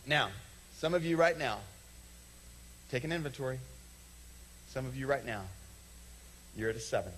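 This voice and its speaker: A man preaching a sermon from the stage of a church, talking conversationally, acting out short quoted exchanges and slowing down to stress key lines. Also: medium pitch, fairly bright tone, slight background noise, poor audio. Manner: conversational, acts out little quoted dialogues, slows for emphasis. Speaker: pastor. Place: church sanctuary.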